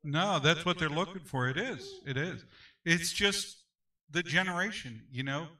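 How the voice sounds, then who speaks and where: A man's voice: a little high, measured pace, bright, forceful tone, recorded from a distance, rough recording. Male pastor leading Sunday school; brassy, ringing voice, emphatic call-and-response, picked up from across the room. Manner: emphatic, repeats phrases, calls for amens.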